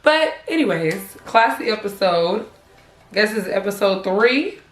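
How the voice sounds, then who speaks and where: A woman's voice: mid-range voice, lively intonation, a little slow. A young woman vlogger reacting to her old videos, giggly and teasing herself in casual commentary. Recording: echoey room with faint music.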